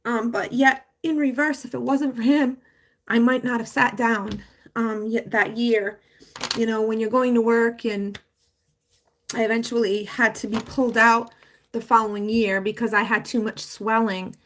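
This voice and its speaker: A woman's voice: on the high side, steady tone, normal speed, fairly bright tone, a little hiss or hum. A woman talking casually on a live stream about her home business, rambling and heartfelt with many fillers and restarts, her voice wavering with emotion. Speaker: livestreamer promoting a home business.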